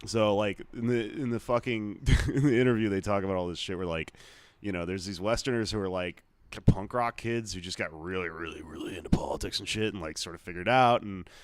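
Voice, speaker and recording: A man's voice: on the low side, a little fast, no echo. A man hosting a comedy podcast, telling a story in a rambling, profane, casual way and laughing often. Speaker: podcast host.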